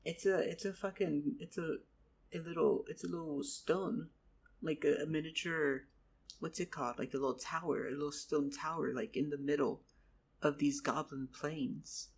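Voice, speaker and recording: A man's voice: on the high side, steady tone, moderate pace, husky. A man telling a rambling improvised fantasy story, repeating his words and swearing casually. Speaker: vlogger.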